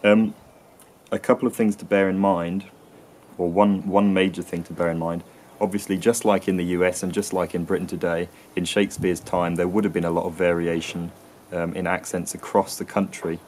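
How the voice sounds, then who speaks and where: A man's voice: deep voice, flat delivery, normal speed, a little mellow, a little hiss or hum. A man hosting an educational talk about accents, hesitant and full of ums and restarts. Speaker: host explaining accents.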